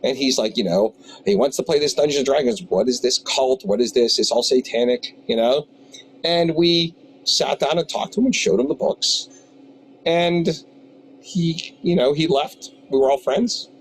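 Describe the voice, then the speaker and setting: Animated rambling man in his fifties. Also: mid-range voice, moderate pace, slight background noise, low-quality recording. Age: 50s. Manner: rambling, lively anecdotes with many restarts. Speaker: tabletop game shop owner. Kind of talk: storytelling interview.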